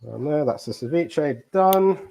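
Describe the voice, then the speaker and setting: A man hosting a live cooking challenge, hurried and breathless, then chatty and full of ums as he explains his dishes. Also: fairly high pitch, expressive, vocal fry, warm tone, slight background noise. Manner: flustered and breathless under time pressure, then chatty explaining with many ums.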